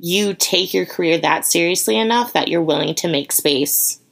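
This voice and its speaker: A woman's voice: fairly low pitch, normal speed, creaky. A woman hosting an interview, chatting casually and supportively with many fillers. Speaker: podcast host.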